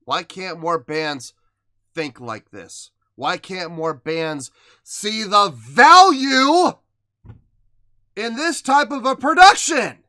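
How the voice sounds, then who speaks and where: A man gives running commentary as he reacts to a concert video, swinging from quiet awe to sudden outbursts. His pitch jumps around a lot and his voice is bright and tense, recorded dry and close. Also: takes it slowly, no room sound. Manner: emotional, excitable, swings between hushed awe and loud outbursts. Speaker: reaction channel host.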